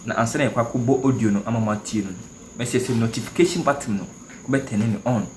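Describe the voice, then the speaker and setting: A man's voice: mid-range voice, quick pace. A man presenting a news channel, giving an upbeat intro and asking viewers to subscribe. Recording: echoey room with background noise.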